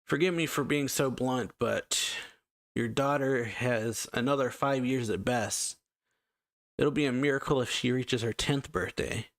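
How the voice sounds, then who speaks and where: A blunt male doctor giving a grave verdict read by a man, in an even mid-pitched voice. The sound is close and dry. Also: measured pace, no room sound, close to an everyday voice.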